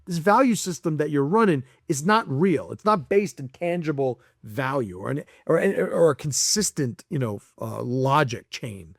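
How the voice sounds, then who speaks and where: A man talks freely as a podcast guest, blunt and laced with profanity. He stays animated, laughs between points and slips into voices for the people he describes. His voice sits a little high and is recorded dry and close. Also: moderate pace, creaky, hardly any pauses, dry recording. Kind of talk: casual chat.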